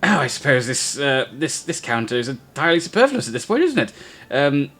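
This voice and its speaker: A man's voice: mid-range voice, very animated, brisk, a bit bright, pitched above the performer's own voice. A man voicing a timid small female halfling potion seller who stammers and fusses. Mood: flustered. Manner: hesitant, stammering, fussy.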